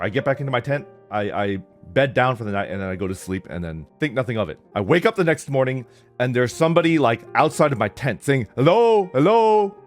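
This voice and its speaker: Rambling man telling camp stories. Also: medium pitch. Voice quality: rambling, full of "like" and restarts. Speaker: streamer. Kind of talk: casual storytelling. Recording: faint music underneath.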